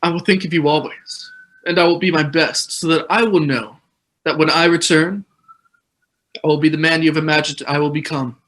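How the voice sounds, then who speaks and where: A woman plays an earnest actor in a stage play who is eager to get the leading-man part right. Her voice sits slightly low, and she speaks haltingly and sincerely. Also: steady tone, fairly bright tone, low-quality recording.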